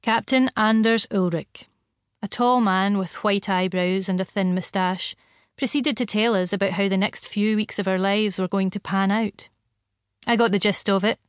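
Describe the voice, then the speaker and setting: Brief: female narrator, steady wry first-person read, dry studio sound. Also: mid-range voice, normal speed, clean tone, dry recording. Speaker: audiobook narrator.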